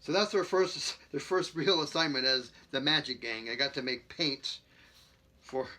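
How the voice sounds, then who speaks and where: A man's voice: medium pitch, moderate pace, sharp tone. A man reading a book aloud, stumbling and restarting and dropping jokey asides between passages. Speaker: reader.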